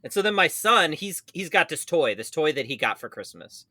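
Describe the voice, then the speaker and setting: A man in his thirties co-hosting a podcast, telling a story with a very bright, ringing voice and a lively pitch that jumps around. He laughs often and swears freely, and the sound is dry and close to the mic. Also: moderate pace, dry recording. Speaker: podcast co-host. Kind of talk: casual podcast chat.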